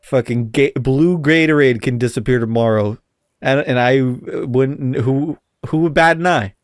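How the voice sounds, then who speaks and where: A man's voice: mid-range voice, unhurried, dry recording, studio quality. A man co-hosting a podcast, ranting in casual chat and swearing a lot. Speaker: podcast co-host.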